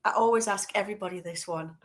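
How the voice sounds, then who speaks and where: A woman co-hosting a podcast, bubbly and quick to laugh out loud. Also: mid-range voice. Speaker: podcast co-host. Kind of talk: casual podcast chat.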